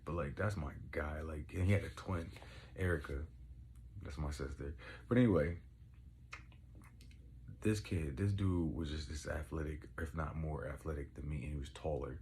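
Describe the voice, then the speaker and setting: A young man telling rambling, profane stories in casual chat, getting excitable as he goes. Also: rumbling low, normal speed, a little hiss or hum. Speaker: podcast host. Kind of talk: casual storytelling.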